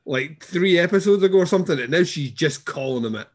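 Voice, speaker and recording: A man's voice: on the high side, expressive, quick pace. A man co-hosting a podcast, recapping a TV episode in casual chat. He is wry and sarcastic and laughs often. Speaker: podcast co-host.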